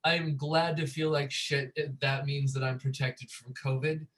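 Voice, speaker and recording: A man's voice: medium pitch, flat delivery, measured pace, fairly bright tone, low-quality recording. A man co-hosting a talk show, ranting in a sardonic, joking way while feeling a little under the weather. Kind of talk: casual chat.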